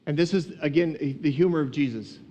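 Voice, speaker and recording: A man teaching on a casual podcast, retelling a story in a lively, humorous, conversational way. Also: on the high side, brisk.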